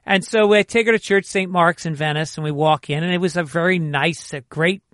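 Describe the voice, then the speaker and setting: Middle-aged man telling a story, slightly high voice. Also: brisk, a bit bright, dry recording, clean studio sound. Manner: storytelling, acting out quotes. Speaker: host, stand-up comedian. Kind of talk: casual podcast chat.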